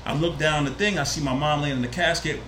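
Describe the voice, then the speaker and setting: A man's voice: on the high side, quick pace, roomy sound, a little hiss or hum. A man with a New Jersey accent telling a personal story in casual, profane chat, acting out what people said. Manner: animated, profane, acts out quotes.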